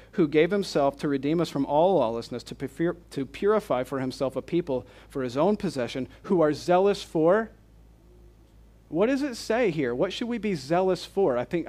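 A man's voice: fairly high pitch, darkish tone. A man preaching a conference sermon, reading scripture and then explaining it with emphatic, repeated rhetorical questions. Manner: emphatic and repetitive.

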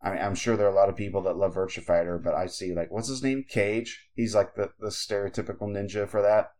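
Man, very deep voice, podcast co-host, casual rambling chat, lots of fillers. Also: steady tone, fast, a little mellow.

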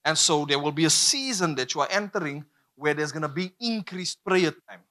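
Man, preacher, high voice, emphatic repetition, call-and-response. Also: animated, moderate pace, bright, forceful tone. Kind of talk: sermon.

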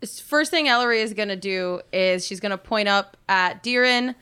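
Bright-voiced playful woman player. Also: mid-range voice, moderate pace, hardly any pauses, clear, resonant tone. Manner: playful, teasing. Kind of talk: casual tabletop play.

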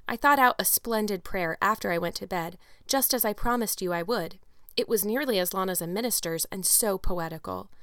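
A woman's voice: medium pitch, a little fast, a bit bright, no room sound, clean studio sound, lightly acted. A woman voicing an eager, talkative orphan girl of about eleven who speaks in an imploring, dreamy way. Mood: apologetic.

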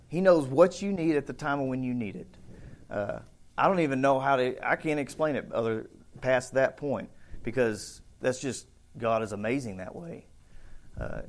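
A man preaching a casual, conversational sermon, acting out bits of the story with shouts and voices. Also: medium pitch. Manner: conversational, thinks aloud with restarts. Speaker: pastor.

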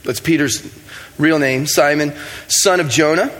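Bright high-voiced joking preacher man. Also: measured pace. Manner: joking, casual preaching with playful asides. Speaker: pastor. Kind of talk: sermon.

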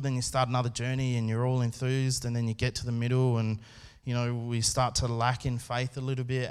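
A man preaching a sermon at a church service, speaking in an earnest, conversational way with pauses and restarts. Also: mid-range voice, clean tone. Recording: long hall reverb.

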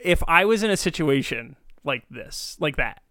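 Man, jokey podcast co-host, fairly high and bright, dry close sound. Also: expressive, no room sound. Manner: jokey, quick to riff, crude. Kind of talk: casual joking chat.

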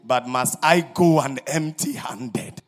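A man voicing a dying young man who pleads in anguish, with a husky voice that cries out loudly. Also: medium pitch, slow, voice pushed up, lightly acted.

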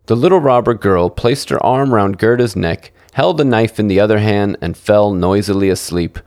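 A man's voice: normal speed, a little mellow, no room sound, studio quality. A man reading a fairy tale aloud as a storyteller, lifting his voice for the characters. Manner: acts out dialogue with lifted pitch.

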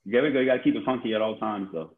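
A man's voice: lowish voice, rapid-fire. Tinny-sounding New man telling stories. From New Orleans. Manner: animated, acts out others' quotes, slangy. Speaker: podcast guest. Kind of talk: casual storytelling. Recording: tinny phone-like line.

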